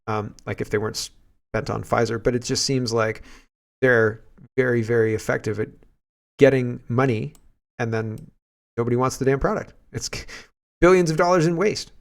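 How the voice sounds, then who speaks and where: A man's voice: medium pitch, normal speed, gravelly, pauses often. A man hosting casual political commentary, sarcastic and scoffing, laughing often as he reads and reacts.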